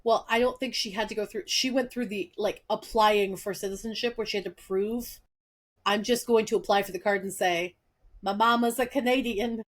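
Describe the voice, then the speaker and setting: A woman's voice: medium pitch, normal speed. A young adult woman co-hosting a podcast, chatting casually and acting out the dialogue in her stories. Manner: lively, acts out quoted dialogue. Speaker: podcast co-host. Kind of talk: casual chat, animated storytelling.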